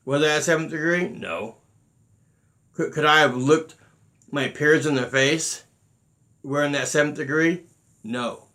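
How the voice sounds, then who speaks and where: A man's voice: a little high, measured pace, pauses often, fairly bright tone. Emphatic man telling stories. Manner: emphatic, repeats words, acts out quotes. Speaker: martial arts grandmaster.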